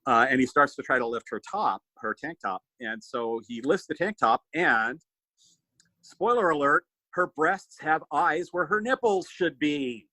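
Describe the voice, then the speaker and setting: A man hosting a podcast, riffing on a movie in an animated, swearing, casual chat. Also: fairly high pitch, unhurried, no room sound, rough recording. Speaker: podcast host.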